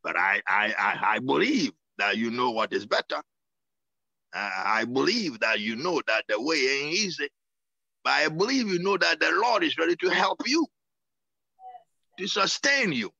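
Fervent preacher, gravelly voice. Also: male voice, a little high, animated, a little slow, pauses often, pushed and bright, dry recording, muffled recording. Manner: fervent, with whoops and laughter, repeating words. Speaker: apostle preaching. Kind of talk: sermon and prayer.

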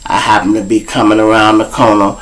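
Chicago dude around 50 hosting his own show, kinda low voice, cussing, telling street stories straight to the listeners. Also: flat delivery, fairly quick, poor audio. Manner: profane, blunt, addresses listeners directly, acts out voices loudly. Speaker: show host. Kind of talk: street storytelling monologue.

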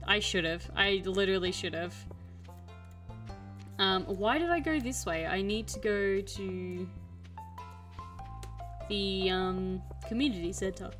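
A woman's voice: mid-range voice, slow, long pauses, music in the background. A young woman chatting casually while streaming a game, telling an exasperated story. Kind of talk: casual gameplay chat.

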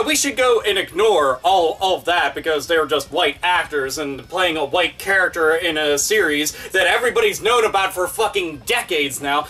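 High-voiced, profane ranting man. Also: pushed and bright, far from the mic. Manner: profane, sarcastic, exasperated. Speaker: online commentator. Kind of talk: ranting commentary.

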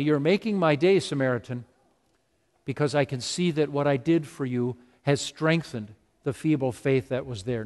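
A man's voice: a little high, close to an everyday voice. A man voicing Jesus as an earnest, commanding grown man who speaks directly to his listener. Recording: long reverb of a large hall.

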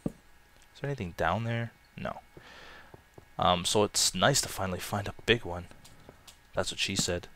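Slow-talking man narrating a game. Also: sits low, a little hiss or hum. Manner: chatty, self-mocking, loud excited outbursts. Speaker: let's play gamer. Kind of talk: casual game commentary.

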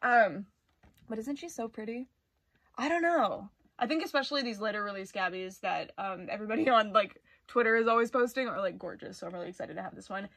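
A young woman, gushing excitedly in a casual doll-collecting vlog. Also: mid-range voice, fairly quick, dry recording. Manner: excitable and gushing, with frequent exclamations. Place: busy retail store, indoors.

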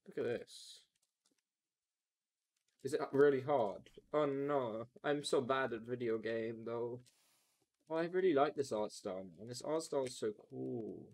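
A game streamer giving chatty, excitable, self-mocking commentary on a first playthrough. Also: mid-range voice, measured pace, gravelly. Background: game music.

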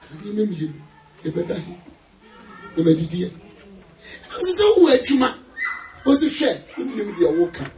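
A man with a Ghanaian accent preaching an emphatic sermon, calling for amens and shouting. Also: sits high, very animated, normal speed, pauses often. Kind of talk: sermon mixing English and Twi. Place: church hall with congregation. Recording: roomy, far from mic, music and crowd. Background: music and congregation.

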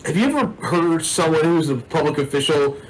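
A man's voice: a little high, steady tone, a little fast, slight background noise, poor audio. A man narrating a tabletop role-playing game as game master, in a casual, rambling way with many fillers.

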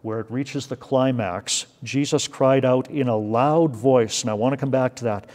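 A man's voice: medium pitch, moderate pace, few pauses, a little mellow. Man teaching Bible study in echoing church. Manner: explanatory, stressing words, frequent "right?" and "okay?". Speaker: pastor leading Bible study. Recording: church hall reverb.

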